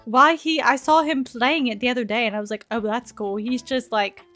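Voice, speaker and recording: A woman's voice: a little high, steady tone, normal speed, bright, forceful tone, faint music behind. A young woman streaming a dating game, chatting, giggling and bantering back at the characters. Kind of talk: live game streaming commentary.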